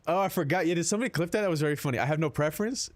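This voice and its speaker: A man's voice: a little high, sing-song, very fast. A man streaming a game, chatting casually with his chat in a rambling, profane, laid-back way.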